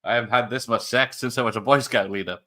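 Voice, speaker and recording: A man's voice: mid-range voice, steady tone, fast, pushed and bright. A man hosting a casual film watch party online, joking and rambling with frequent laughs. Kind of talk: casual chat over a film.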